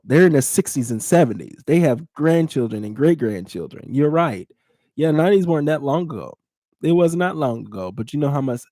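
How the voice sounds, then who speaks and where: In a mellow mid-range voice, this man in his thirties hosts a laid-back podcast, speaking plainly to his live chat with frequent teasing and laughter. The studio sound is clean, with no echo.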